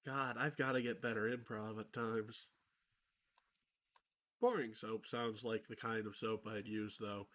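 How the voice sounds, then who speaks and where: A man's voice: lowish voice, fairly even intonation, unhurried, a bit bright. A man streaming solo, chatting playfully and mocking himself, slipping into mock-announcer asides, with a mixed accent that is hard to place.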